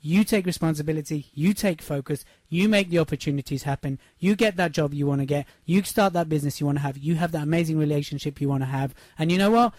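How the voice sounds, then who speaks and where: High-ish guy radio host, pumped up, keeps saying yes?, studio mic. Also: fast talker, hardly any pauses, a little mellow, no room sound. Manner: emphatic, repeats points, asks "yes?". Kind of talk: upbeat motivational radio talk. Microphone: studio microphone.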